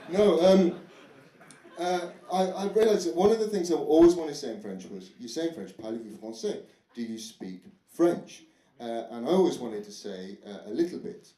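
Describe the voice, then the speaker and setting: A man's voice: a little high, warm tone. A young man doing a stand-up comedy set before a live audience, chatty and self-deprecating, dropping into mock foreign voices. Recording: echoey club with audience noise.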